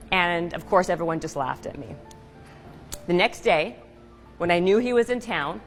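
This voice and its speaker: Woman keynote speaker, mid-pitched, lively storyteller, in a reverberant hall with faint music behind. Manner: lively, punchy storytelling with rhetorical questions. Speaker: speaker giving a stage talk.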